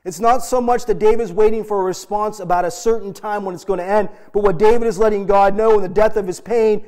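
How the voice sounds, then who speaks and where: High-voiced earnest male pastor preaching. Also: fairly even intonation, fast, few pauses, a little mellow. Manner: earnest, emphatic preaching with direct questions to the congregation. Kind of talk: sermon.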